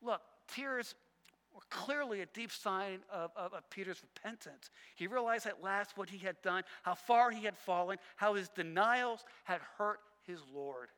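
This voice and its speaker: A male pastor preaching a sermon, emphatic and repetitive, swinging between loud passages and hushed ones. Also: high-pitched, a little slow, clean tone, in a large hall.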